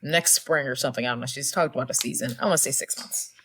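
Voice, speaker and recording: A woman's voice: very deep voice, fast, fairly bright tone, husky. A woman co-hosting a movie podcast in casual chat, cutting in with teasing, sarcastic remarks. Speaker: podcast co-host.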